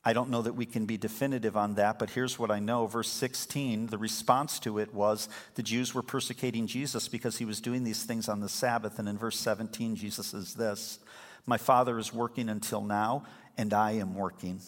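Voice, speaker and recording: A man preaching a sermon as a pastor, telling the story with lively energy and acting out the voices of the people in it. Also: on the low side, brisk, hardly any pauses. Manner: lively storytelling, acts out quoted speakers. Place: church sanctuary. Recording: long hall reverb.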